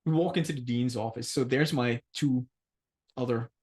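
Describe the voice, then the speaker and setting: A man's voice: medium pitch, moderate pace, darkish tone. A man co-hosting a podcast, telling a long anecdote in casual chat. He swears a lot, laughs often and acts out the voices of the people in his story. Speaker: podcast co-host.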